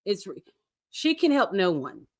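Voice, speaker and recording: A woman's voice: medium pitch, very animated, a little slow, darkish tone. Blunt, outspoken woman guest. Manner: blunt and outspoken, with frequent swearing. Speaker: podcast guest. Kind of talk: casual chat.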